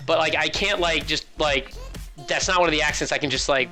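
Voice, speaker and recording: Bright-voiced rambling male caster. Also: fairly high pitch, a little fast, faint music behind. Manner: rambling, joking, storytelling. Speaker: esports caster. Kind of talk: casual chat.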